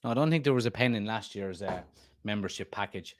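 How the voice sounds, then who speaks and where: A man's voice: on the low side, fast, no echo. A man, hosting a football fan live stream, reading comments aloud and rambling casually with many fillers. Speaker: host of a football fan channel.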